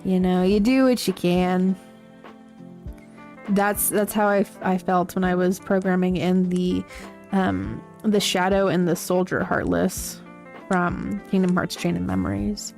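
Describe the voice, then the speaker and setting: A woman hosting a casual livestream, chatting to viewers in a rambling, halting way with many fillers and giggles. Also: lowish voice, little pitch movement, vocal fry, darkish tone. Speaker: livestream host. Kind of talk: casual livestream chat, answering chat. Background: faint background music.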